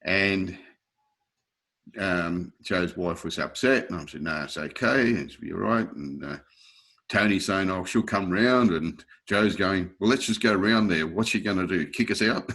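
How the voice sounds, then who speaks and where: A man's voice: low voice, a little slow. A man, a guest telling stories in an interview, acting out other people's voices and laughing often. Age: 60s. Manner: lively anecdotes, acting out quoted voices, frequent chuckles. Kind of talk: storytelling in a casual interview.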